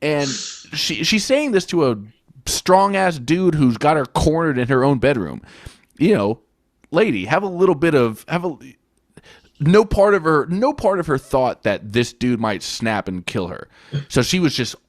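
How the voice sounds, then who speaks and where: A man's voice: a little high, sing-song, measured pace, no room sound, clean studio sound. A man co-hosting a podcast, rambling casually and swearing as he retells plot scenes. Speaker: podcast co-host. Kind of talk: casual film-review chat.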